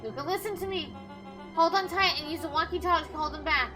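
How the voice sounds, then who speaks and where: A woman's voice: extremely high pitch, fast talker. A woman voicing a pompous, cruel old man villain, haughty and taunting, with music playing underneath. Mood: scornful.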